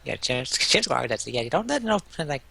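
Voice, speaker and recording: A man voicing a grumpy noble character who complains in a rapid, indignant way. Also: a little high, big pitch swings, creaky, bright, forceful tone, breathy edge, no echo, full character voice. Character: grumpy noble man demanding a proper bed.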